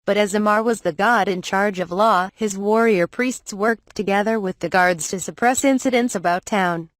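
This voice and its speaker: A woman narrating a light novel audiobook, reading the story and its dialogue in an even, measured way. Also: medium pitch, dry recording. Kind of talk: scripted narration with character dialogue.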